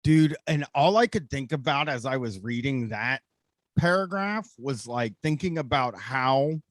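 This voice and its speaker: A man co-hosting a casual podcast, reading a listener's letter aloud and chatting in a relaxed, wry way. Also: medium pitch, unhurried, no echo. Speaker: co-host.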